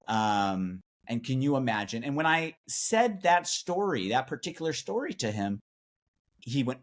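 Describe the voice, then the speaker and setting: A man co-hosting a talk show, thoughtfully recounting stories from guests in a conversational way. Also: moderate pace. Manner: thoughtful, recounts guest stories, pitch jumps when animated. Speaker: podcast co-host. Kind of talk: conversational discussion.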